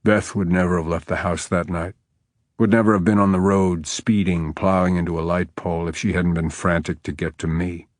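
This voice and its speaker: A male audiobook narrator voicing a surly, guarded widowed lawman in a curt, gruff way. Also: low-pitched, little pitch movement, moderate pace, no room sound, studio quality, lightly acted. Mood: bitter.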